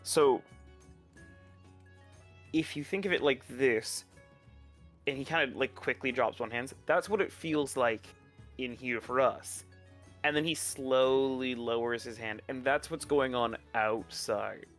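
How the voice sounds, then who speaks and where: Male player, middle pitch, patient step-by-step explainer. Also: unhurried, pauses often, fairly bright tone, soft background music. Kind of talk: playing a tabletop game.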